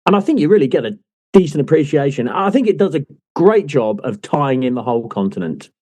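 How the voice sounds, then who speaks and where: A man's voice: fairly high pitch, very animated, fairly quick, warm tone. A man co-hosting a casual chat podcast, jokey and teasing, laughing often. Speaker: podcast co-host.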